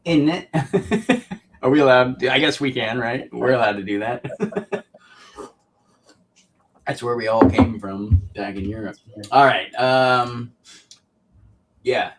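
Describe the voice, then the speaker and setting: A man's voice: medium pitch, slow pace, pauses often, background noise. A man hosting a casual livestream show, chatting easily and reading out viewer comments with frequent ums. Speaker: podcast host.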